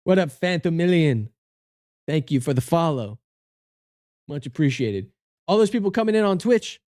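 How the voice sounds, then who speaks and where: A man's voice: fairly high pitch, animated, normal speed, darkish tone, no echo, clean studio sound. A man talking casually to his livestream chat, goofy and joking as he reviews game cards.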